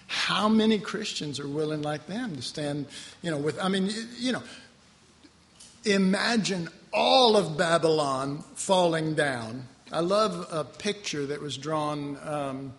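A man's voice: fairly high pitch, expressive, measured pace, long reverb tail. A man preaching a conversational sermon in a folksy way, chuckling and acting out voices from the story. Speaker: pastor.

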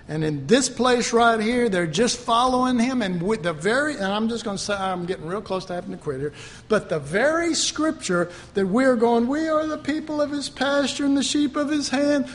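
A man preaching a fervent sermon, swinging between loud outbursts and quiet asides. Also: very high-pitched, in a large hall, slight background noise.

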